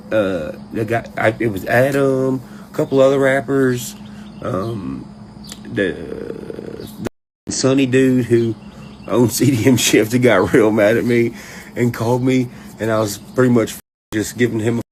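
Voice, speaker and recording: A man telling a rambling, profane story to his audience, mocking others in high put-on voices and laughing often. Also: measured pace, darkish tone, slight background noise. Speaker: online commentator ranting to his audience. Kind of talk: casual profane rant.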